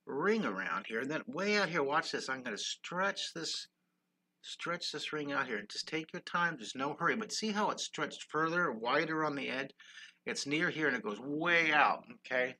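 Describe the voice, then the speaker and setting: A man's voice: on the high side, expressive, moderate pace, bright, forceful tone. An older man teaching a live-stream drawing lesson, upbeat and encouraging, greeting viewers while he draws.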